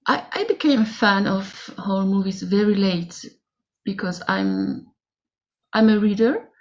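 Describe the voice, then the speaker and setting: A woman with a French accent chats as a guest on a podcast. She speaks in halting, careful English and often stops to search for the right word. Her audio is a little dull and muffled. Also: medium pitch, darkish tone. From France. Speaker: guest author. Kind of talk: casual podcast chat.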